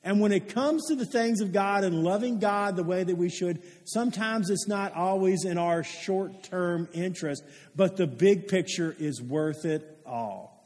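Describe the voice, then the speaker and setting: A pastor preaches a sermon full of stories, telling them earnestly and putting questions to his congregation. His voice is high-pitched and a little mellow, and he keeps a measured pace. Long hall reverb surrounds the recording.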